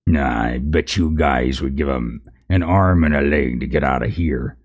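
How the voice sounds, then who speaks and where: A man's voice: extremely low pitch, measured pace. A man voicing a boastful, cruel male narc leader who gloats over his prisoners. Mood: gloating.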